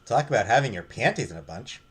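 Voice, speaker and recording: A man's voice: mid-range voice, big pitch swings, fast talker, breathy edge. A man voicing a sarcastic, bossy young female explorer in a game, delivering cutting remarks.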